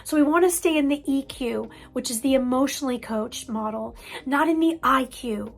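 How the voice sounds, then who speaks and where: A woman's voice: high voice, normal speed, gravelly. A woman mental health counselor giving an earnest parent-coaching talk, stressing key points by repeating words. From United States.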